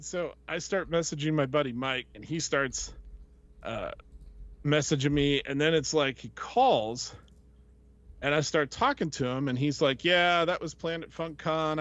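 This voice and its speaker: Podcast host, male, slightly high voice, chatty and rambling storyteller, dull dry lo-fi audio. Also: fairly bright tone, no echo. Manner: rambling, with many fillers and quoted voices. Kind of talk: casual storytelling chat.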